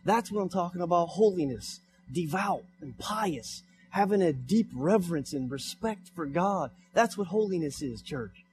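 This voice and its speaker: A man's voice: high-pitched, animated, moderate pace, few pauses, darkish tone, soft background music. A young man preaching a sermon in church, repeating his points with rising emphasis. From United States. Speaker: pastor. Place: church sanctuary.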